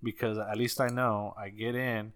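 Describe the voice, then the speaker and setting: A man's voice: fairly low pitch, flat delivery, normal speed, a bit bright. A man, ranting casually on a podcast, swearing and saying "dude" a lot. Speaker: podcast co-host. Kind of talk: casual chat.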